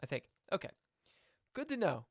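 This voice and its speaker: A man's voice: high-pitched, wildly swooping pitch, normal speed, no room sound, clean studio sound. A man chatting casually on a live chess stream, reading viewer comments aloud and jumping from topic to topic. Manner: chatty, jumps between topics, reads chat aloud.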